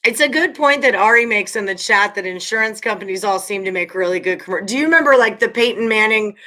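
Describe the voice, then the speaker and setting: Bright-voiced woman co-hosting a podcast. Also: medium pitch, fast talker. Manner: lively, laughs easily, reenacts ads. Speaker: podcast co-host. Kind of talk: casual chat.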